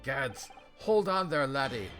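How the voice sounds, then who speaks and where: A man's voice: mid-range voice, expressive, measured pace, fairly bright tone, soft background music, pitched above the performer's own voice. A man voicing a blustering middle-aged male prison governor in a put-on Scottish accent, stumbling over his words. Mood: alarmed.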